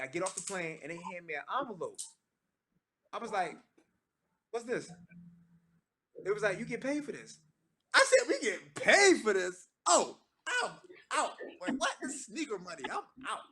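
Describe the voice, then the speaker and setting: A man in his thirties, a gospel singer, tells a story to a church audience in a lively, slangy way and acts out the lines he quotes. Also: fairly high pitch.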